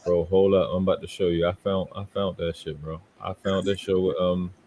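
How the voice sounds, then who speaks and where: A man's voice: low voice, level tone, a little fast, mellow, a little hiss or hum. A man from West Baltimore with a Baltimore accent, talking bluntly and profanely in casual chat.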